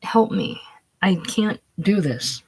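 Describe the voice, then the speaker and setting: A reader voicing a frightened, breathless former showgirl in a casual play reading, raised and pleading with a husky tone. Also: medium pitch, lively intonation, takes it slowly, pitched above the performer's own voice, heavily acted. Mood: anxious.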